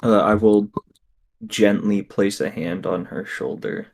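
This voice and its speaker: A man playing a tabletop game, speaking gently and politely as his character. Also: on the low side, steady tone, takes it slowly, vocal fry, slight background noise. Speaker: player.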